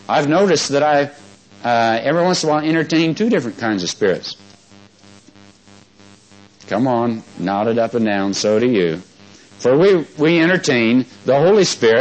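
A man's voice: mid-range voice, low-quality recording. A man preaching a sermon, folksy and conversational, often asking the congregation questions and having them repeat words back. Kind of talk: sermon with congregation call-and-response.

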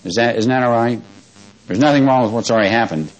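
A man preaching in an easy, conversational way that swells into emphatic, stretched-out stresses. He chuckles often. His voice sits at a middling pitch for a man. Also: quick pace, soft background music, rough recording. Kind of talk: sermon.

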